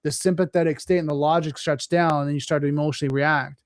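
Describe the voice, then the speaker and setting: Fast-talking animated male podcast host. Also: a little high, dry recording, studio quality. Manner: animated, acts out scenarios in quoted voices. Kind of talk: casual interview conversation.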